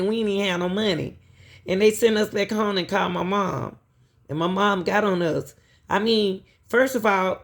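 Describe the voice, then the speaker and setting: Lady host going on and on to her viewers, repeats herself, keeps asking why. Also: medium pitch. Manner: repetitive, questioning, emphatic. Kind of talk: emphatic commentary to viewers.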